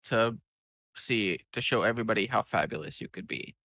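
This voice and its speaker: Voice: medium pitch, expressive, fairly quick, pushed and bright, no room sound. A player in a tabletop game, hesitant with fillers. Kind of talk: casual tabletop game play.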